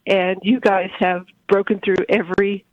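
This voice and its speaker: A woman in her forties calls in over a dull, muffled phone line with a dry, close sound. She speaks haltingly and with emotion, stumbling and repeating words as she searches for them. Her pitch sits in a middle range. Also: flat delivery, no echo. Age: 40s. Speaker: caller. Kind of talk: call-in conversation.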